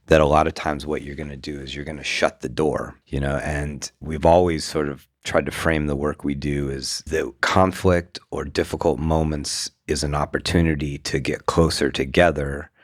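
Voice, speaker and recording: A man's voice: rumbling low, dry recording, studio quality. A man co-hosting a relationship podcast, reflecting back and summarizing his partner's points. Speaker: podcast co-host. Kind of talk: relationship advice conversation.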